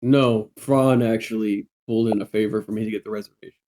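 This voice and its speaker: A man voicing his character, a gruff former head of military, talking haltingly and earnestly. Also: fairly low pitch, steady tone, heavy background noise, lightly acted. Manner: halting, plainspoken, gently earnest. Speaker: player.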